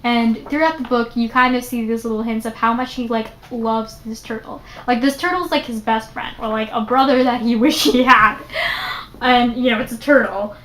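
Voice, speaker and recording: Young woman, bright higher voice, chatty vlog reviewer, loose and animated, lots of "like". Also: normal speed. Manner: chatty, many "like" fillers, animated retelling. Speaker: book reviewer. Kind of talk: casual book review vlog. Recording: roomy echo.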